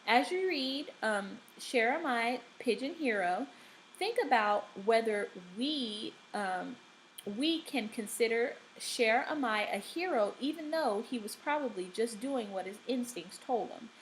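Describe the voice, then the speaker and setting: A woman teacher giving a recorded reading lesson, speaking deliberately and checking in often with the class. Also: on the high side, lively intonation, a little hiss or hum, poor audio. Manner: slow, deliberate, checks in with frequent "okay?".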